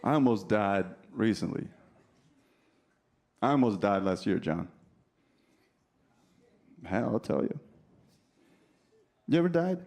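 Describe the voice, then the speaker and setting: A man's voice: on the low side, animated, takes it slowly, creaky, long pauses, darkish tone, a little hiss or hum. A man in his thirties doing a stand-up set, brash and profane, teasing the crowd. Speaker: stand-up comedian. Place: comedy club stage. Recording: live club recording with faint crowd.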